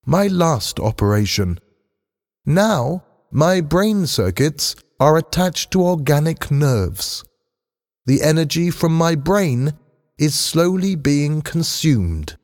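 A man voicing Andrew, a calm, earnest robot who wants to be human, in a read-aloud story. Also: fairly high pitch, slow, big-room sound, pitched above the performer's own voice, exaggerated voice.

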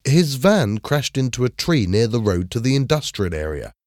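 A man voices a resourceful teenage schoolboy, speaking with earnest urgency in a lightly acted, very animated performance pitched above his own voice. His mid-range, darkish voice moves at a moderate pace, recorded dry with clean studio sound.

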